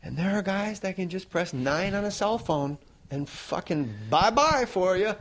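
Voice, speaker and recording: A man from New Jersey hosting a podcast in casual chat, telling stories loudly and acting out the people he quotes. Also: high-pitched, normal speed. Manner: loud, animated storyteller who acts out quotes. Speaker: podcast host.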